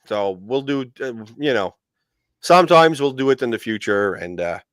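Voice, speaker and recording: A man's voice: medium pitch, sing-song, fairly bright tone, dry recording. Rambling man hosting a livestream chat. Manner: rambling, halting, many restarts and fillers. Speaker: host of a collectibles channel livestream.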